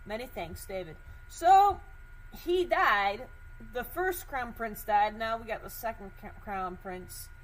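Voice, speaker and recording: A woman's voice: a little high, takes it slowly, low-quality recording. A woman podcast host in casual commentary, thinking aloud as she searches documents, curious and suspicious, with many fillers.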